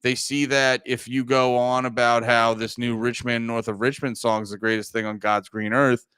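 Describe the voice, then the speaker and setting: Young man, podcast host, casual profane rambling, smooth resonant voice, dry close sound. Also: mid-range voice, little pitch movement, normal speed, a bit bright, dry recording. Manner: profane, rambling, self-interrupting, laughs often.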